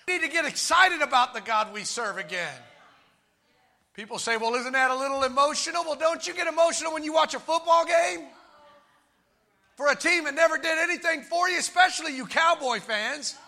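A man preaching with exuberant shouting and calling out to his congregation. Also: extremely high pitch, brisk, vocal fry. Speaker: pastor. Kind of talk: sermon.

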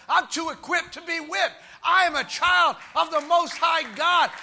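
A man preaching with exuberant shouting and calling out to his congregation. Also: very high-pitched, creaky. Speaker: pastor. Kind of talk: sermon.

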